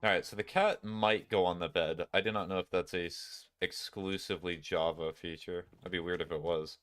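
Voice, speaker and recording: A man's voice: deep voice, fairly even intonation, moderate pace, a bit bright, clean tone. A man streamer chatting casually while playing a game, rambling and talking to his viewers. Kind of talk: casual gameplay chat.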